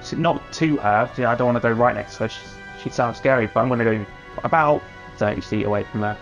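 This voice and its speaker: A man playing a tabletop game, talking casually in a joking, rambling way at a middle pitch. His audio sounds slightly dull and lo-fi, with faint music underneath. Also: quick pace. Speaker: player. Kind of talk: casual play chat.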